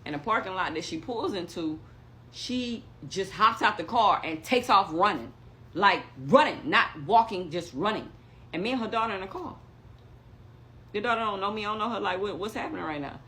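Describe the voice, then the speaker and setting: A young woman telling a story in casual chat, animated and acting out what others said. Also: medium pitch, normal speed. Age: young adult.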